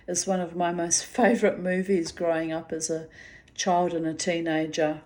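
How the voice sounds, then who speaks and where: A woman's voice: lowish voice, fairly even intonation, moderate pace, a little mellow. A woman in her fifties from New Zealand, telling a rambling personal story straight to her listeners. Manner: rambling, chatty, addresses listeners directly.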